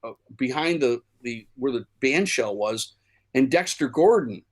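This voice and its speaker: A man's voice: medium pitch, expressive, measured pace. A man from Chicago, a musician guest, telling stories in a casual interview with many fillers and restarts.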